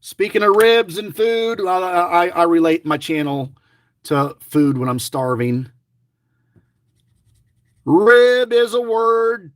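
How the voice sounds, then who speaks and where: A man's voice: sits high, expressive, takes it slowly, long pauses, dry recording, studio quality. A middle-aged man giving chatty, rambling running commentary to his viewers, grumbling and joking as he goes. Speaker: lottery scratch-off vlogger.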